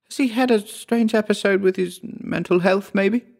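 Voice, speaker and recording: A man's voice: high-pitched, normal speed, creaky, pitched above the performer's own voice. A man voicing a fussy, bewildered older aunt in an audio horror story, with prim, fussing exclamations. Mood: puzzled.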